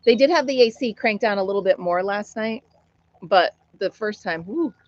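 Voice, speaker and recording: A woman's voice: mid-range voice, animated, moderate pace, a little mellow, muffled recording. A middle-aged American woman hosting a casual live stream chat, telling a funny story and laughing often as she reads viewer comments.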